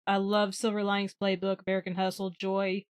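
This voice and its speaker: A woman co-hosting a podcast, chatting in an animated, casual way. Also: medium pitch, a little fast, no room sound, studio quality. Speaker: podcast co-host.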